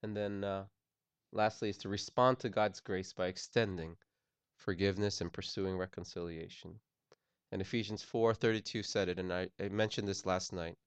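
A man's voice: deep voice, fairly even intonation, moderate pace, smooth, dry recording. A man preaching a sermon, earnest and personal, often restarting his phrases. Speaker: pastor. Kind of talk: sermon on forgiveness.

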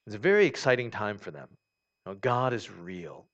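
In a fairly low, sing-song, fairly bright voice, a pastor preaches fairly quickly and conversationally. He reads scripture out loud and explains it with many fillers and restarts. The recording is dull and lo-fi.

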